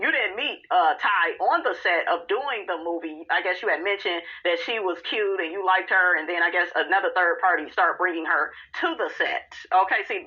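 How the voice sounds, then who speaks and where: A woman's voice: medium pitch, bright, forceful tone, highs cut off. A woman hosting a podcast, giving sassy, blunt and profane commentary and calling her listeners honey and y'all. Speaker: podcast host recapping a reality show. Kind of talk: casual commentary.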